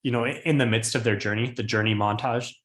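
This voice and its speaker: A man's voice: mid-range voice, steady tone, brisk, fairly bright tone. A man hosting a podcast in casual chat, easygoing, steering the talk with questions. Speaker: podcast host. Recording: roomy echo.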